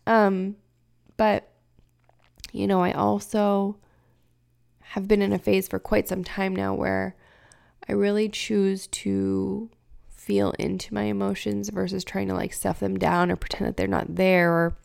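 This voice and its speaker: A woman's voice: mid-range voice, flat delivery, unhurried, a little mellow. A woman in her thirties hosting a podcast, talking candidly and emotionally, often searching for words. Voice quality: gravelly fry. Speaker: podcast host. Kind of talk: casual personal monologue.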